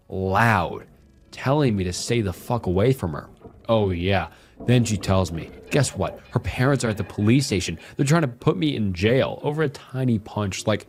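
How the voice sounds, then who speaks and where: A man's voice: lowish voice, lively intonation, a little slow, breathy edge, full character voice. A man voicing a drunk, violent, self-pitying husband who rambles and swears crudely through a horror story. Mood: bitter, rambling.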